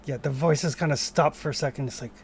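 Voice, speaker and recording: A man running a tabletop game as game master, narrating in a calm, measured way with small hesitations. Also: a little high, creaky.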